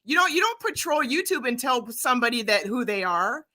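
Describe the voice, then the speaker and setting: An American woman hosts a livestream and argues in a heated, profane, confrontational way, repeating herself. Her voice is a little high, very animated and bright, with a forceful tone and a slightly fast pace.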